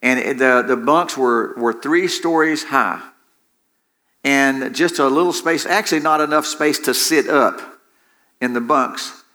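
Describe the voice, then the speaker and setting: A man's voice: medium pitch, a little slow, pushed and bright. A male preacher giving a sermon who often restarts phrases and draws the congregation into call-and-response. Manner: repeats himself, engages the congregation with call-and-response.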